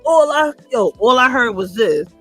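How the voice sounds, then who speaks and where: A woman putting on the voice of a slow, ditzy young woman who pleads through sobs. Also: on the high side, animated, a bit bright, no echo, soft background music, voice pushed up. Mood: weepy pleading. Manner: sobbing, drawn-out pleading.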